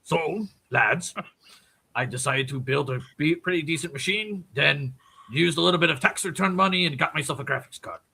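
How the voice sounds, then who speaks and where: A man chatting casually as a podcast guest, putting on a gruff dwarven brogue and swearing freely, with a raspy voice. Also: fairly high pitch, normal speed, sharp tone.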